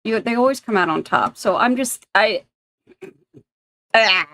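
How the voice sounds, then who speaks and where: A woman's voice: fairly high pitch, lively intonation, measured pace, sharp tone. Woman streamer, casual reaction commentary, blunt delivery with frequent swearing, rambling asides.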